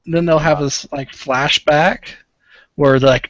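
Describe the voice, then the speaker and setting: A man's voice: a little high, steady tone, dry recording, highs cut off. A young man in casual chat, teasing his friends and correcting them. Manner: teasing, quick to correct others. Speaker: animation collaborator.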